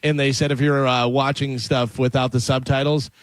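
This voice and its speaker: A man's voice: mid-range voice, flat delivery, moderate pace, no echo. A man co-hosting a radio show, reading odd news items aloud with lots of fillers in a chatty way. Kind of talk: casual radio banter. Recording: dry.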